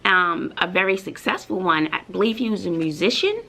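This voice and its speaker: Woman, from Brooklyn, teacher, casual vlog chat, gravelly tone, bubbly, emotional. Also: fairly low pitch, lively intonation, brisk, pushed and bright. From Brooklyn, New York. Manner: bubbly and emotional, with many fillers. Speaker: middle school teacher.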